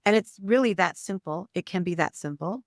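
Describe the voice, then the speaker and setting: A woman with a lowish, expressive voice hosts a podcast interview at a fairly quick pace. She is earnest and turns to address her listeners directly. The recording is dry, with a clean studio sound.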